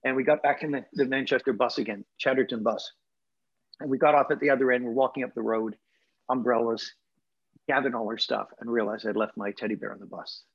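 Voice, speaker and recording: A man's voice: medium pitch, steady tone, brisk, gravelly, husky, dull audio. A man in his sixties, raised in England, with a Canadian accent, telling personal stories reflectively in an interview. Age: 60s. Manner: reflective, emotional storyteller with laughs. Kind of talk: storytelling interview.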